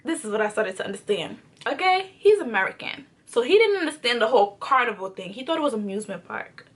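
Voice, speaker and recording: A woman's voice: high-pitched, animated, fairly quick, pushed and bright. A woman telling a storytime vlog, emphatic and sassy, repeating her points. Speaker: vlogger. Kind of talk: storytime chat.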